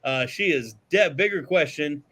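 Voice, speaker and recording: A man co-hosting a podcast in casual chat, joking and excitable, swearing freely. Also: fairly high pitch, moderate pace. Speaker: podcast co-host. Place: podcast studio.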